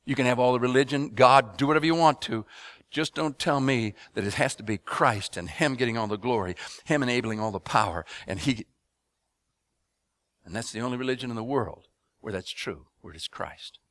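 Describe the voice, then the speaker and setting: A man preaching a sermon to a congregation, asking them to respond and building up rhythmic repeated phrases into loud emphatic bursts. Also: medium pitch, brisk, no room sound. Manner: addresses congregation with call-and-response questions.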